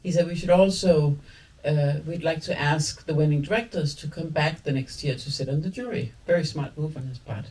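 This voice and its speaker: A woman's voice: deep voice, brisk, a little mellow. Rambling woman, distant mic. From Denmark. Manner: rambling and self-mocking, laughs often. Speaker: guest film director. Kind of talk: guest talk after a screening. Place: cinema hall at a film academy.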